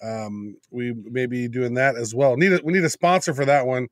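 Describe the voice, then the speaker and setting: A man's voice: mid-range voice, normal speed, dry recording, clean studio sound. A man guesting on a casual podcast, teasing and rambling as he talks. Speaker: podcast co-host. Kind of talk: casual interview chat.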